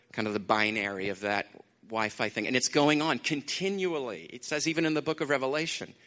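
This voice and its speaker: A man preaching a sermon in a conversational way, repeating phrases for emphasis, with lively asides. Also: mid-range voice. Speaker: pastor. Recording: long hall reverb.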